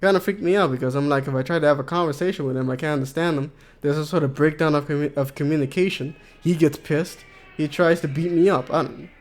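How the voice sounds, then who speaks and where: A man's voice: on the high side, fairly even intonation, fast talker. A man chatting casually on a game stream, rambling and joking and reading out chat messages. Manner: rambling, jokey, reads chat aloud.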